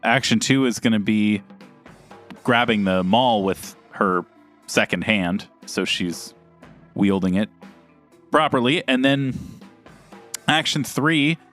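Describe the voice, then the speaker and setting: A man's voice: lowish voice, slow, long pauses, a bit bright, faint music behind. A man playing a tabletop game, chatting casually and thinking aloud about his moves. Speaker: player.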